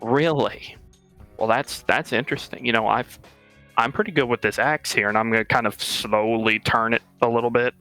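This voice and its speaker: A man at a tabletop game speaks politely in character in a bright, mid-pitched voice. Faint music plays under his voice. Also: steady tone, moderate pace. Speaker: player. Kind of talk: tabletop role-play.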